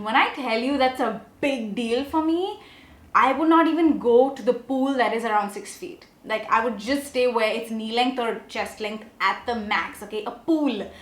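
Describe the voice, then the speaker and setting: Young female beauty vlogger, chatty and animated, higher voice, echoey room. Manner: chatty, animated, often asks okay?. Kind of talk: casual makeup tutorial and storytelling.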